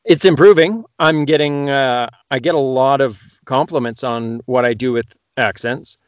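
A man with a Canadian accent, an audiobook narrator on a podcast, talks loudly and gets excited. His voice is close and dry, with no room sound. He sits at a middle pitch. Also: moderate pace, clear, resonant tone, dry recording, muffled recording. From Western Canada. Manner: loud, excitable talker. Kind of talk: casual podcast chat.

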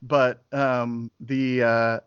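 A man's voice: medium pitch, level tone, extremely slow, a crowd in the background. A man chatting upbeat as a podcast guest, an author and audiobook narrator who talks about his work. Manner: upbeat, chatty, restarts phrases. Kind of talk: casual podcast chat. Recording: dry muffled lo-fi audio.

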